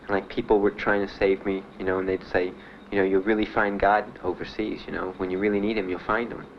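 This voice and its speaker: This is spoken testimony from a young veteran, his slightly low voice delivered flatly and haltingly, packed with pauses and fillers. The audio is muffled and dull, much like a 1970s archive tape, with a faint hiss underneath.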